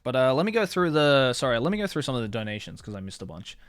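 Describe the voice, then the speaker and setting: A man's voice: medium pitch, very animated, fast, clean tone, no echo. A young man streaming casually, rambling about music with lots of fillers and casual swearing. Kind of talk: casual livestream chat.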